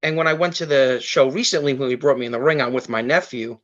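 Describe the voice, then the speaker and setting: A man's voice: medium pitch, fairly even intonation, quick pace, lo-fi sound. A man guest on a podcast, telling an emotional story in a rambling way, full of fillers and restarts. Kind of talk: emotional storytelling in casual chat.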